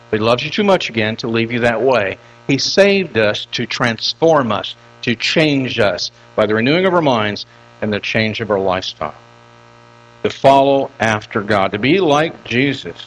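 A man's voice: fairly high pitch, fairly bright tone, poor audio. An older man preaching a sermon as pastor, emphatic and repeating phrases for stress.

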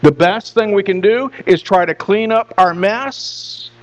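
A man's voice: high voice, a little slow. A man preaching a sermon as pastor, earnest and repetitive, often restarting his phrases. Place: church. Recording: dull lo-fi with mains hum.

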